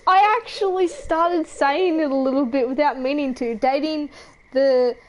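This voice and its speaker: A woman's voice: high-pitched, unhurried, rough recording. A woman with an Australian accent chatting casually while streaming a game, rambling with fillers and giggles. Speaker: gaming streamer. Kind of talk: casual chat while gaming.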